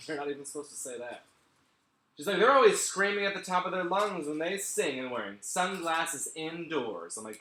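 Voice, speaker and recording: A man performing stand-up over a live stream, his voice bright and forceful. He delivers sardonic, deadpan asides and keeps chuckling at his own material. The sound bounces around a roomy, echoey space picked up by a laptop mic. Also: on the high side. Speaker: stand-up comedian.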